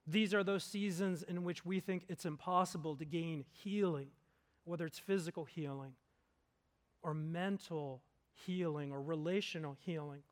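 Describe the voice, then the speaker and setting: A man preaching a sermon as a pastor, earnest, swelling to emphatic peaks and then dropping low and slow for solemn points.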